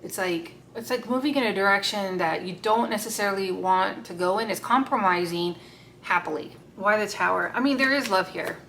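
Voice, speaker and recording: A woman at a middle pitch, doing a loose, unscripted tarot reading. She is blunt and swears freely, talking straight to the cards and asking them for new messages. A faint hum sits under her voice. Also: moderate pace, fairly bright tone. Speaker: tarot card reader.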